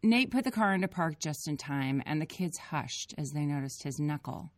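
A woman with a low, rich voice reads her own family memoir aloud. She tells it in an earnest, reflective way, like an audiobook. The recording is dry and close, with no room sound. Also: animated, normal speed, dry recording. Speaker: parent narrating her own story.

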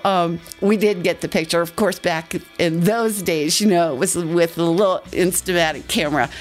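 Older woman guest, low-pitched, animated breathless storyteller. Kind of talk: personal anecdote.

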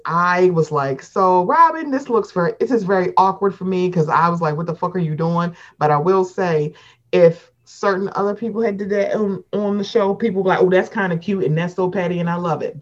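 A woman's voice: on the low side, lo-fi sound. A woman from Baltimore gossiping in casual chat, blunt and profane, acting out what people said. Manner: animated, blunt and profane, acts out quoted voices. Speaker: podcast co-host.

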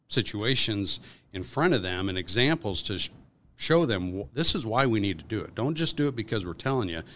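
A man as a podcast guest, telling a workplace story in a casual, animated way with lots of fillers. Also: fairly low pitch, slight background noise. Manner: animated storyteller, acts out quotes, many fillers.

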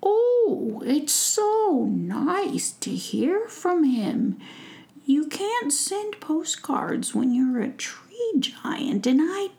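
Woman doing a slow fond tree giant, whispered role-play, sways up and down. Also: sits high, big pitch swings, mellow, pitched above the performer's own voice, full character voice. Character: friendly slow gentle male tree giant.

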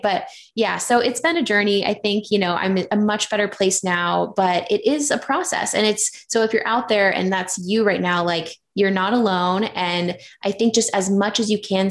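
A young woman telling a personal story in a casual, candid chat, animated and full of fillers. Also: mid-range voice. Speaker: podcast guest.

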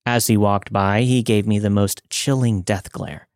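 A man hosting a podcast, reading listener stories as scripted narration in a measured, dramatic way. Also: lowish voice, steady tone, darkish tone, dry recording, clean studio sound.

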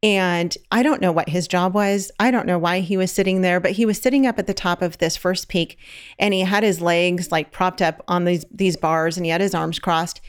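A middle-aged woman with a fairly low voice recounts a story in relaxed conversation. She talks animatedly and slips into the voices of the people in her tale as she goes. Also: normal speed, smooth. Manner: animated, acts out quoted voices. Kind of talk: casual storytelling chat.

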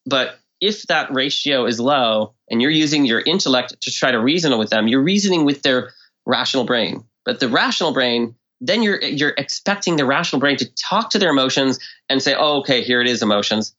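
A man as a podcast guest, explaining ideas in casual talk and often acting out quoted speech with lively swings in tone. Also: mid-range voice, normal speed, muffled recording. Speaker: guest expert. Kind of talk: conversational explanation.

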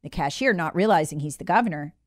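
A woman's voice: low voice, lively intonation, fast. A woman hosting a political commentary show, telling the story in a sarcastic, mocking way.

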